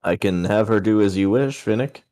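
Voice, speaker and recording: A man with a low voice plays in a tabletop game. He talks hesitantly with frequent "uh"s, turning courteous in character. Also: normal speed, mellow, smooth. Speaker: player. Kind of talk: casual tabletop game chat.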